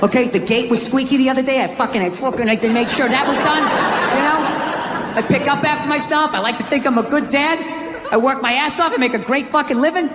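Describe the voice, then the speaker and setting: American comic ranting and cussing on stage, shouty, big echoey theater with a loud crowd. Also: male voice, extremely high pitch, fast talker, noisy background. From United States. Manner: ranting, profane, shouts punchlines. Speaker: stand-up comedian. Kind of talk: stand-up comedy set. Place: theater stage before a live audience.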